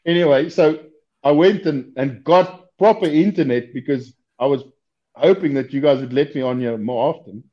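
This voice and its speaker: A man's voice: mid-range voice, normal speed. A man chatting casually as a podcast guest over a video call, swearing and joking. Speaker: guest knifemaker. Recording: dull lo-fi call audio.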